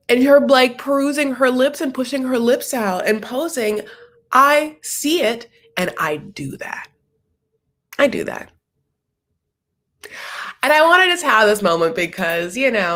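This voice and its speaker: A woman hosting a casual TV recap, talking in an animated, sassy, chatty way. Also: medium pitch. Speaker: host.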